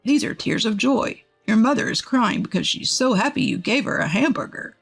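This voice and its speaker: A kind older grandfather calmly reassuring a child, in a woman narrator's plain voice. The voice sits slightly high. Faint music sits underneath. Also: moderate pace, gravelly, breathy edge, exaggerated voice. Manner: gentle and reassuring.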